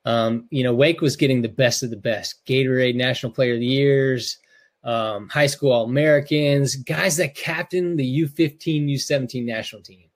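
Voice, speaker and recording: A man's voice: medium pitch, normal speed. Emotional, rambling middle-aged man. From North Carolina, US. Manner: emotional, rambling with many restarts and fillers. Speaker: podcast co-host, parent. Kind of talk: casual podcast chat.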